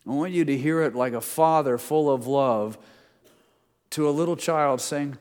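A man's voice: on the high side, unhurried, darkish tone. A middle-aged male pastor preaching a sermon in a conversational way, reading scripture aloud with emphasis. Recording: long reverb of a large hall.

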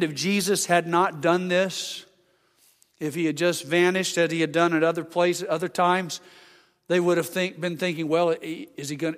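Male pastor preaching emphatically in a church, with a high voice and a reverberant sound. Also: fairly bright tone. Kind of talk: sermon. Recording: long hall reverb.

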